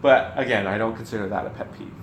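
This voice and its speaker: A man from the American South co-hosting a casual Q&A vlog, rambling and animated with lots of filler words. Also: fairly low pitch, fast, echoey room, slight background noise. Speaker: co-host. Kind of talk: casual Q&A chat.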